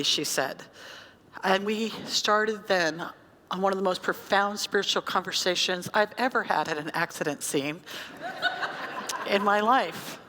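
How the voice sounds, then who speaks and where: A woman pastor preaching a sermon, telling a story in a conversational, animated way. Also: medium pitch, moderate pace. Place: church sanctuary. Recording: church hall reverb.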